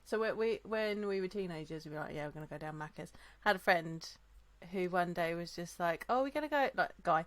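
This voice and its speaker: A woman co-hosting a podcast, telling stories in a relaxed way and laughing often. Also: fairly low pitch, fairly quick, no echo. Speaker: podcast co-host. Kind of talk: casual chat tasting drinks.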